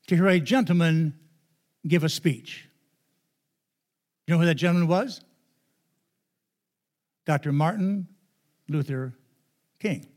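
Joking older pastor, light voice. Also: male voice, high voice. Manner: chatty, joking, animated storytelling to a congregation. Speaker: guest pastor. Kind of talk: sermon with storytelling. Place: church sanctuary.

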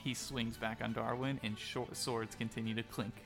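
A man's voice: mid-range voice, flat delivery, normal speed, gravelly. A man narrating a tabletop game as game master, in a casual, crude, rambling way. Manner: casual, crude, filler-heavy. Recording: faint music behind.

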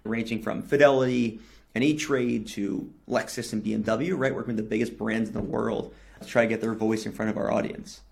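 A man's voice: lowish voice, steady tone, brisk, gravelly, a little mellow. A young man, a company founder, giving fluent, businesslike answers in a podcast interview and often adding "right?". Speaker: newsletter company CEO, guest.

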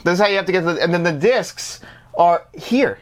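A man's voice: sits high, fairly quick. A man co-hosting a casual show about movies on disc, chatting and joking with lots of laughter. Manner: laughs often, animated and joking. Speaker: co-host of a physical media show. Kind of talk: casual chat.

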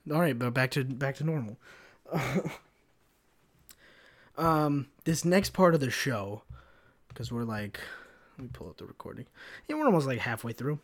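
A man in his twenties hosting his own podcast alone, rambling loosely, swearing often and laughing at his own jokes. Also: medium pitch. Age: 20s. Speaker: podcast host. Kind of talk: casual solo podcast rant.

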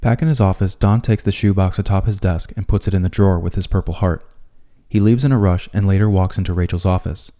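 A man narrating a scripted video essay in a calm, measured way. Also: low-pitched.

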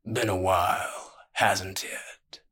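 A hulking crime lord of the underworld, drawing out every word in a low, rumbling drawl as a male narrator voices him. His cheer is thin cover for menace, and his tone stays level and flat, lazily savoring the threat. Heard in an audio fantasy drama. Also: slightly rough, full character voice. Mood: silkily menacing. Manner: slow, rumbling, genial menace. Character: huge bald crime boss, cheerful and menacing.

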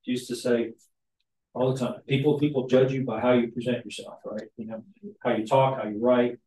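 A man leads a Bible study in a relaxed, chatty way, constantly tossing "right?" to his listeners. His voice sits in a mid range and picks up a lot of room echo. He sounds a few steps back from the microphone. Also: mid-range voice, brisk. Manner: frequent tag questions, animated asides. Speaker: Sunday school teacher. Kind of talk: conversational Bible teaching. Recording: echoey room, mic at a distance.

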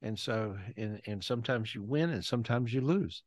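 A man hosting a live video call, emotional and repetitive, swearing now and then. His voice is close and dry, with a plain middle pitch. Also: normal speed, no echo. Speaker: host.

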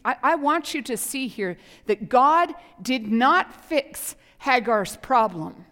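A woman pastor preaching a sermon with passion, dropping to whispers and rising to loud emphasis. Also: sits high, expressive, slow pace, few pauses. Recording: hall reverb.

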